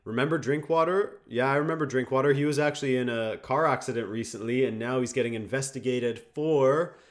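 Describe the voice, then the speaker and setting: A young man from Canada hosts a live football watchalong, talking in an easygoing way as he reads out viewer questions. His voice sits at an ordinary middle pitch, and it picks up energy whenever the play heats up. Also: brisk. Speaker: watchalong host. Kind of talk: casual live-stream chat and match commentary.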